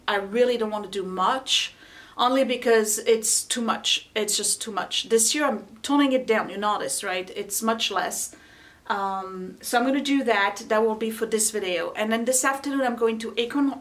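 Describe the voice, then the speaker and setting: A woman's voice: on the high side, fairly bright tone. A middle-aged woman chatting casually to camera at home, rambling and laughing often as she talks about holiday decorating.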